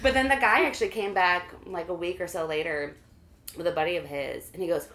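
A woman bartender telling a lively story in casual chat, acting out the voices of the people in it. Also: fairly low pitch, fairly quick. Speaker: bartender and podcast co-host. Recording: echoey room.

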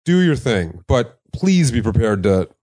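A man co-hosts a podcast, making earnest political points with crude joking asides. His pitch sits in the middle range. The recording is dry and close. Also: big pitch swings, measured pace, mellow, no room sound. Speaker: podcast co-host. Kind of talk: casual political banter.

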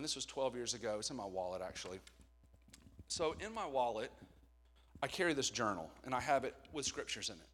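A man's voice: medium pitch, fairly bright tone. A middle-aged man preaching a candid, conversational sermon with jokes along the way. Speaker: pastor.

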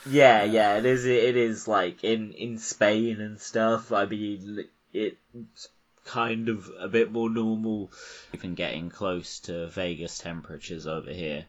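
A man's voice: lowish voice, fairly even intonation, slow pace. A man in a casual chat, swearing freely and laughing easily.

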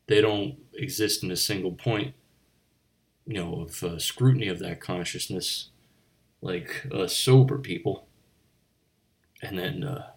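Rambling low-voiced man, a bit off-mic. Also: recorded from a distance. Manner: rambling, meandering, with slips and restarts. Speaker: comedic bartender host. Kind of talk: rambling deadpan comedy monologue.

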